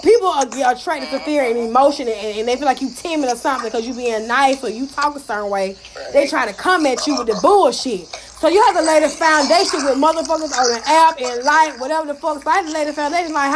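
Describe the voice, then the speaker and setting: A high-pitched woman speaks quickly with slight background noise, using her phone in a live audio chat room. She's blunt, heated, and animated, cursing heavily while she rants, tells stories, and acts out quotes.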